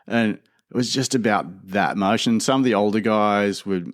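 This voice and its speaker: A man in his fifties with an Australian accent, telling lively stories as a podcast guest with many restarts. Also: lowish voice, normal speed, no room sound, studio quality. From Sydney, Australia. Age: 50s. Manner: animated, full of restarts and laughter. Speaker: podcast guest, skater and skatepark designer. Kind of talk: casual storytelling.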